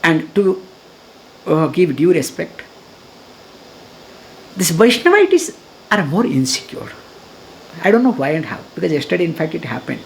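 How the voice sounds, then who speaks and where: A middle-aged woman with an Indian accent gives a spiritual discourse in English. Her voice is animated and she chuckles as she acts out bits of dialogue. She slows down to chant Sanskrit verses. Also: deep voice, creaky, slight background noise. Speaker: spiritual teacher. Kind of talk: scripture discourse.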